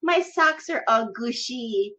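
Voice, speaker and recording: Woman doing a loud whiny childish man. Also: a little high, animated. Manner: loud, stammering, slow and childish. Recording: lo-fi recording.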